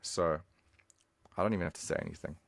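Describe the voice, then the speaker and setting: A man's voice: deep voice, fairly even intonation, quick pace, vocal fry, no echo. A man giving a casual, chatty online language lesson, talking straight to the viewer. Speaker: language teacher.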